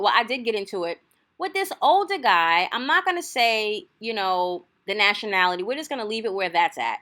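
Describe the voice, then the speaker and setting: Animated New woman, lively bright voice. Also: medium pitch, a little fast. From New York. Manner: animated, chatty, gets loud and hyped. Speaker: hair vlogger. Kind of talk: casual storytelling while styling hair.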